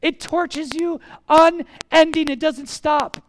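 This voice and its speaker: Animated high-voiced pastor delivering a sermon, leaning on repetition. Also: slow pace.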